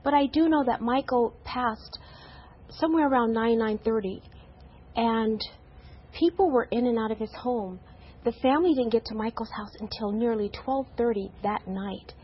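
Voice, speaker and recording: A woman in her fifties, a guest on a TV morning show, speaking earnestly and haltingly and often repeating words. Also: a little high. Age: 50s. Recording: slightly dull TV broadcast audio.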